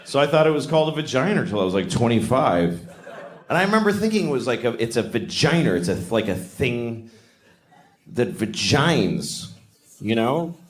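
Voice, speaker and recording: A man's voice: medium pitch, very animated, fairly quick. A man in his forties from Boston doing stand-up comedy in a rambling, conversational, self-mocking way on stage. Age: 40s. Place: stage of a large comedy venue. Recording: echoey live venue.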